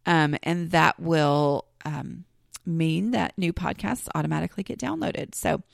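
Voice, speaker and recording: A woman's voice: deep voice, measured pace, creaky, no echo, clean studio sound. A woman hosting her own podcast, talking casually and rambling, with many fillers and restarts. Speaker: podcast host. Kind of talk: casual solo podcast talk.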